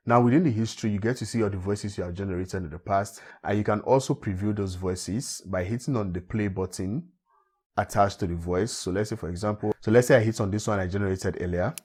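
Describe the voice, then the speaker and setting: Husky low-voiced man explaining software. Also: quick pace. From Africa. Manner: steady step-by-step walkthrough, repeats phrases. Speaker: tech tutorial host. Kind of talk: screen-recorded software tutorial.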